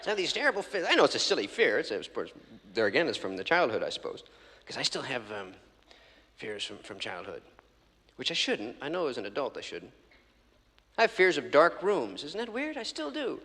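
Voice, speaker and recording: A man's voice: mid-range voice, wildly swooping pitch, a little fast, bright, forceful tone. A man doing a live stand-up routine, rambling through stories and acting out scenes on a theatre stage. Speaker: stand-up comedian. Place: large theatre stage before an audience. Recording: reverberant live theatre recording from 1984.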